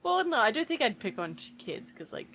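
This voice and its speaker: A woman's voice: a little high, sing-song, brisk, fairly bright tone, slight background noise. A woman who narrates and writes horror, chatting playfully as an interview guest and acting out little jokey scenes. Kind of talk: casual interview chat.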